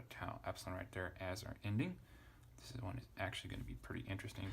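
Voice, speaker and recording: A man's voice: sits low, gravelly, a bit bright, a little hiss or hum. A man teaching a casual lesson, thinking aloud as he spells out letters and parses a text. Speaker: Greek teacher.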